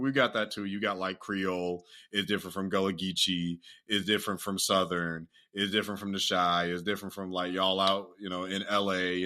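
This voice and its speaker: A man from the US hosting a casual podcast chat, talking in an animated, profane way and laughing often. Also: sits low. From United States. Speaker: podcast host.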